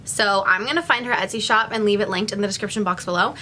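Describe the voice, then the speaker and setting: A woman's voice: medium pitch, fast, bright, forceful tone, slight background noise. A woman with a young daughter gushing through an unboxing vlog, gasping and repeating exclamations. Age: adult, a mother. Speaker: YouTuber unboxing a gift box.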